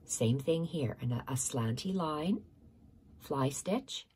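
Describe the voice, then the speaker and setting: A woman with a low, deeply breathy, husky voice talks through her stitching work in a casual tutorial. She speaks unhurriedly, repeats each measurement, and stops to correct herself. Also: animated, takes it slowly, mellow.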